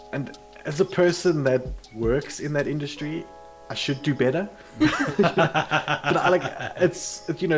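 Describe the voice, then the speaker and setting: A South African man, a content creator and podcast guest, chatting casually with many fillers and restarts. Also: medium pitch.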